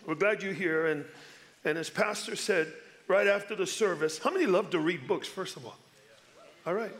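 A man in his fifties from Chicago preaching a sermon as a visiting pastor. His voice sits high for a man, and he keeps it lively and playful, urging the congregation to answer him. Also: moderate pace. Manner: energetic, playful, calls for audience response. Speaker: guest pastor.

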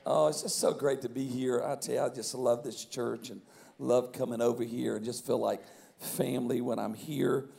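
Man, preacher, hoarse, gravelly, dark mellow tone, folksy. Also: medium pitch, fairly even intonation, normal speed. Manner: folksy, chatty storytelling. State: hoarse, lost voice. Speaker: guest pastor. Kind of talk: sermon opening.

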